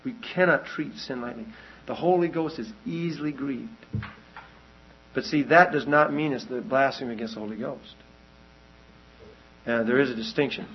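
A man's voice: mid-range voice, normal speed, husky, muffled recording. A man preaching a sermon, telling a long story in a loose, rambling way and then pressing his point with rising urgency.

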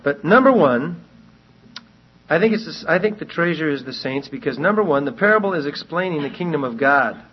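A man's voice: on the high side, expressive, fairly quick, a little hiss or hum. A man teaching a Bible study lecture, speaking earnestly and repeating his key points, with frequent restarts as he works through his reasons. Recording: dull lo-fi recording.

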